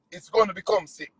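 A man's voice: slightly rough, no room sound, low-quality recording. Jamaican nutritionist, man, bold swooping delivery, dry close sound. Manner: animated, preachy, swings pitch widely. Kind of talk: casual spiritual storytelling.

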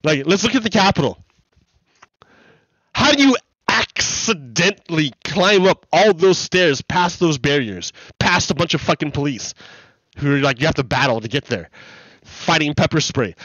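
High, lively man laughing incredulously. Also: normal speed, no echo, highs cut off. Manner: laughs often, shrieking "ah!" outbursts, incredulous and swearing. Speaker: let's play host. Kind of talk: casual commentary over gameplay.

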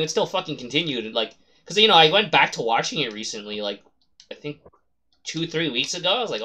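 A man streaming a game live, chatting casually and swearing a lot, rambling and then shouting suddenly at the game. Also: on the high side, animated, quick pace. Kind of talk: casual live gameplay commentary.

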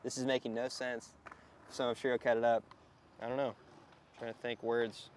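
Man, hoarse skateboarder, rambling, cursing constantly, worn-out voice, average pitch, faint street noise. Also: little pitch movement, moderate pace. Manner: rambling, heavy cursing, self-conscious. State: tired and out of breath. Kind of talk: candid outtakes while filming.

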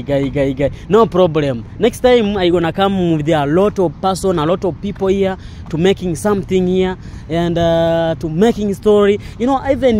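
A man, vlogging a walking tour outdoors in broken English, full of excited repeated exclamations. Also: a little high, slight background noise. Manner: non-native English, broken grammar. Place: outdoors in a park.

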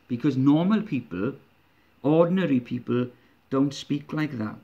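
A man's voice: mid-range voice, lively intonation, unhurried, dark tone. A man preaching a sermon, earnest and emphatic, with rhetorical questions he repeats. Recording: dull lo-fi recording.

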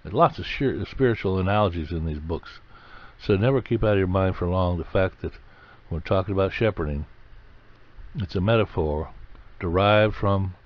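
This conversational sermon comes from a man with a deep voice who teaches from the Bible at normal speed. He speaks plainly and repeats key phrases for emphasis, and the lo-fi recording sounds dull.

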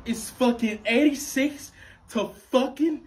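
A man playing a furious sports coach who shouts crude threats at his team in a comedy sketch. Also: extremely high pitch, slow pace, very noisy. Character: furious male sports coach after a rout.

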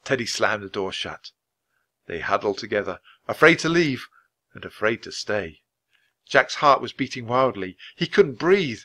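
Lively man reading a storybook aloud. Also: fairly low pitch, unhurried. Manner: clear, expressive reading at natural speed. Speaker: storybook reader.

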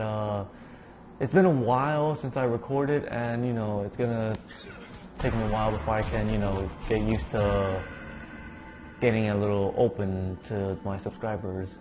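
A man's voice: lowish voice, a little mellow, slight background noise. A young man giving casual, rambling commentary over a zombie game. He mumbles under his breath, curses at the game and sounds sleepy. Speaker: gaming YouTuber.

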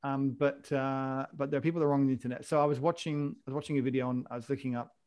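A man's voice: medium pitch, fairly even intonation, rapid-fire, a little mellow, smooth. A man hosting a casual podcast chat, jokey and rambling, often restarting his sentences. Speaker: podcast host.

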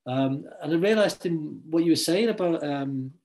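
A man's voice: fairly high pitch, moderate pace, darkish tone. Hesitant man hosting a poetry talk. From Liverpool, England. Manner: hesitant, full of ums and restarts. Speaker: host poet and editor. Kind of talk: casual conversation.

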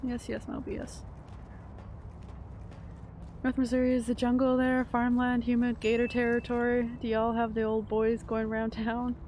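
A woman's voice: a little high, monotone, moderate pace, long pauses, background noise. A woman streaming a video game, chatting casually, laughing often and answering her chat. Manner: chatty, giggly, reads chat aloud.

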